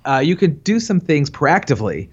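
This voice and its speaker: Guy, financial advisor, animated rambly chat w lots of um you know, kinda dull audio. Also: a little high, fairly quick, husky. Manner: animated, lots of fillers and restarts. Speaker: financial advisor, podcast regular. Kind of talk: casual conversational explaining.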